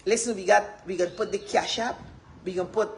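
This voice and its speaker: A woman with a Guyanese accent, speaking passionately as a political campaigner on a livestream, often rising into loud, emphatic shouts. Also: medium pitch, fairly even intonation, fast talker, a little hiss or hum, low-quality recording.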